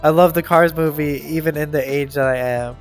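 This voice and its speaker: A young man hosting a casual live stream, talking in loose, slangy, animated bursts. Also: on the high side, brisk, faint music behind.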